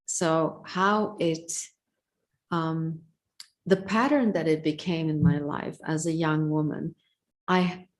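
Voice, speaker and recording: Female host, video call; slow, thoughtful delivery in a lowish voice, affirming murmurs. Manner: reflective, attentive, frequent murmurs of agreement. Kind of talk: casual conversation.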